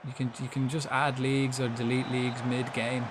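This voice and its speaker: Brief: young Irish man, mid-pitch, loose swearing live-stream chatter, clear hum behind. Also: completely flat delivery, fairly quick. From Ireland. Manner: chatty, swears freely, reacts aloud to the game. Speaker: gaming streamer. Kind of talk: casual live-stream commentary.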